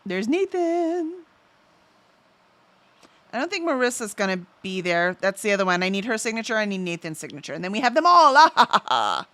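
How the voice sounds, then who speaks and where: A woman's voice: mid-range voice, big pitch swings, brisk, sharp tone, no echo. A woman hosting a casual livestream, chatting and reading out viewer messages, easily sidetracked and full of fillers. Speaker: livestream host.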